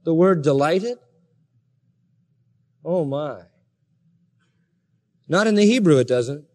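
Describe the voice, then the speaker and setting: A man's voice: fairly high pitch, expressive, fairly quick, darkish tone. A man preaching a sermon, reading scripture aloud and rising sharply in emphatic indignation. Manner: reads scripture aloud in King James wording.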